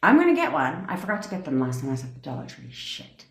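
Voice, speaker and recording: A woman's voice: deep voice, wildly swooping pitch, quick pace, creaky, reverberant. A woman coaching on a livestream, ranting bluntly and profanely and answering viewers' comments. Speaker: manifestation coach. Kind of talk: casual livestream rant.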